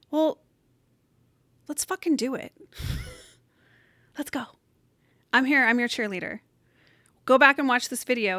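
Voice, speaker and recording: Woman doing a solo pep-talk podcast in her bedroom, earnest and pushy, kinda high voice, dry sound. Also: a bit bright, dry recording. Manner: earnest, encouraging, emphatic. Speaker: podcast host. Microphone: camera set up in room.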